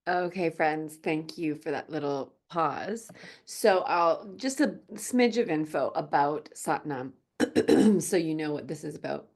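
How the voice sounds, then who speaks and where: A woman teaching a gentle yoga class, speaking softly and slowly. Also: deep voice, expressive. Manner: slow, soft-spoken, drifts into quiet chanting.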